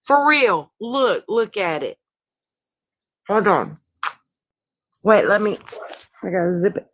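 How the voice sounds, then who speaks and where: A woman's voice: medium pitch, animated, slow pace, fairly bright tone, a little hiss or hum. A woman from Texas, a guest on a casual livestream chat, rambling in a goofy, self-mocking way.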